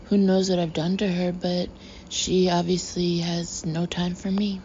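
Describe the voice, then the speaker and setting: A woman narrating a first-person novel in a wry, chatty inner voice. Her tone is mellow and on the dark side. The recording is slightly muffled, with a faint hiss behind it. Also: on the low side. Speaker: audiobook narrator.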